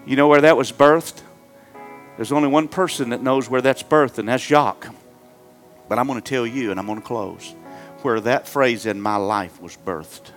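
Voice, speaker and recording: A middle-aged male pastor preaching to his congregation, moving from loud fervent exhortation to hushed, halting storytelling. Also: medium pitch, soft background music. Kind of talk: sermon. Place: church sanctuary before a congregation.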